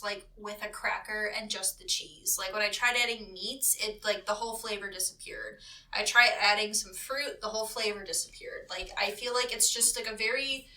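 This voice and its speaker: A woman's voice: mid-range voice, sharp tone, recorded from a distance, low-quality recording. A young woman co-hosting a podcast, chatting casually with lots of fillers and easy laughter. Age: young adult. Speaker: podcast co-host. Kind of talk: casual chat.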